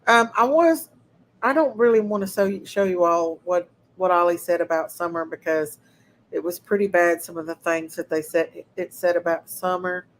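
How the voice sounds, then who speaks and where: A woman's voice: lowish voice, fairly even intonation, normal speed, a little hiss or hum, rough recording. A woman hosting a casual livestream, talking to her chat viewers and sounding indignant. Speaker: livestream host.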